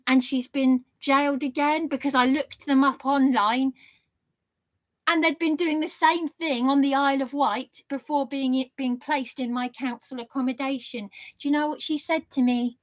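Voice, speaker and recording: A woman's voice: high voice, dry recording. A woman vlogging an indignant, ranting monologue with sarcastic jabs. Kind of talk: angry monologue to camera.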